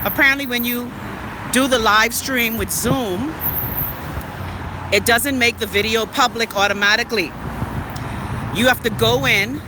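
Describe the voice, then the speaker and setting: Bahamian woman, chatty and sassy, phone-in-hand street vlog, traffic clearly audible behind. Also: a little high, fairly even intonation, measured pace, long pauses. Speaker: vlogger. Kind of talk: casual live-stream chat while walking. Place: city street outdoors, walking. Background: traffic noise.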